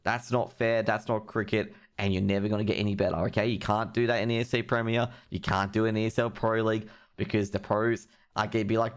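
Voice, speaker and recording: A man's voice: on the low side, flat delivery, fast, hardly any pauses, clear, resonant tone. A young man hosting a live stream, ranting with heavy profanity about esports news. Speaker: streamer host.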